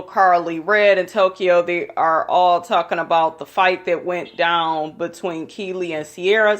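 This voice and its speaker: A woman talks straight to her viewers in a loose, gossipy recap, swearing freely and giving her opinions without holding back. Her voice sits at an ordinary middle pitch for a woman. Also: fairly bright tone. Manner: blunt, profane, opinionated. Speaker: reality TV recap vlogger. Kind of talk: casual gossipy episode recap.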